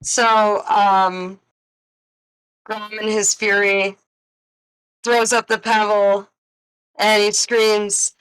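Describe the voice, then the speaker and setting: A woman playing a tabletop game, describing her character's actions in an unhurried way. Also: mid-range voice, level tone, a bit bright, clear, resonant tone, rough recording. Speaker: player.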